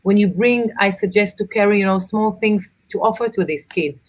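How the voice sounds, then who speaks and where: A middle-aged woman, an author and mother of four, chatting in an interview and telling travel stories with animated asides. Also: medium pitch. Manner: animated storyteller, quick asides. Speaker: author and guest. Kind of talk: casual interview chat.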